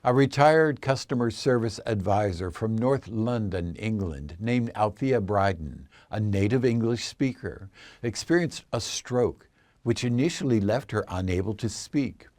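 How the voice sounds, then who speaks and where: Low-voiced male narrator. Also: animated, unhurried, darkish tone, dry recording. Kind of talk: scripted narration.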